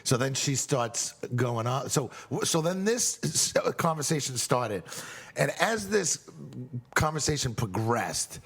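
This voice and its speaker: Male podcast host, mid-pitched, rambling and profane storyteller on a bar stage. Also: big pitch swings, measured pace, fairly bright tone, husky. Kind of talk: casual chat.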